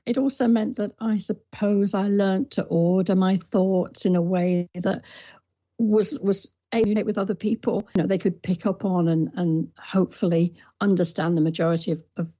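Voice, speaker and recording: A woman in her sixties with an English accent, a guest talking in a measured, modest and reflective way in a relaxed interview. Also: on the low side, dull audio. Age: 60s.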